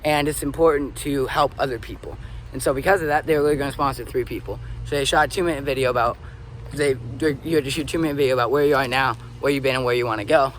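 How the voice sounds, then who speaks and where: A young man from Arizona in his twenties tells his life story as a motivational speaker, animated and swearing freely. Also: medium pitch, fast talker, slight background noise. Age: 20s. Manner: animated and swearing, rising to excited peaks. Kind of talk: personal story monologue.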